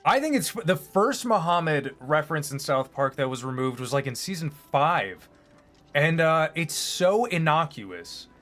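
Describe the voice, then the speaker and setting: A man's voice: fairly high pitch, very animated, unhurried, fairly bright tone, soft background music. A man streaming, chatting casually in a rambling, opinionated, profane way. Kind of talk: casual chat while streaming.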